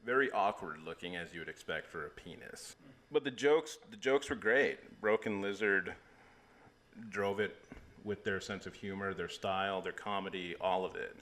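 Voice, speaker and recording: Low, bright-toned man co-hosting a loose comedy movie podcast, upbeat and repetitive. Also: normal speed. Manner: enthusiastic, repeats words while searching for them. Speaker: podcast co-host. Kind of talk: casual comedy movie chat.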